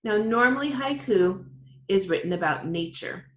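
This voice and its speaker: A woman teacher giving an online writing lesson to her class, upbeat and encouraging, explaining slowly. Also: medium pitch, lively intonation, a bit bright. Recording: roomy echo.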